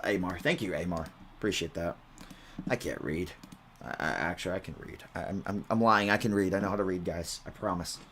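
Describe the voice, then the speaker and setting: A man's voice: low-pitched, fairly bright tone, slight background noise. A young man telling rambling, casual stories at halftime of an online game broadcast, with bursts of exaggerated outrage.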